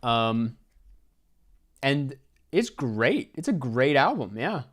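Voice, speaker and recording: A young man talking to himself through a live stream game, his pitch jumping up and down as he grumbles and curses. He answers chat questions in an offhand, casual way. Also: very animated, takes it slowly, a bit bright. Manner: mutters and swears at himself while playing. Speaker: livestreamer.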